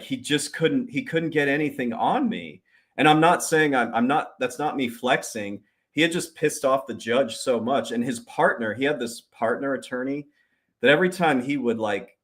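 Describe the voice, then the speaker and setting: A man hosting his own show, telling a long story in a casual, profane, animated way and acting out the people he quotes. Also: mid-range voice. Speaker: podcast host.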